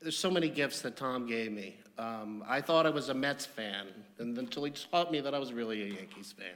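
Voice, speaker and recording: A man delivers a eulogy made of funny, rambling anecdotes. His medium-pitched voice rings out with a long reverb tail, as in a large hall. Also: a little fast, fairly bright tone, slight background noise. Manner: humorous, anecdotal storytelling. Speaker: eulogy speaker. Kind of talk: memorial eulogy.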